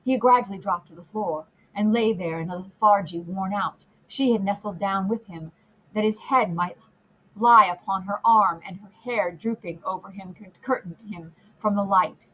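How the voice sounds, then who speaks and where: A woman narrating a classic novel as an audiobook, reading in a measured, expressive way. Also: mid-range voice, slight background noise, low-quality recording. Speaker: audiobook reader.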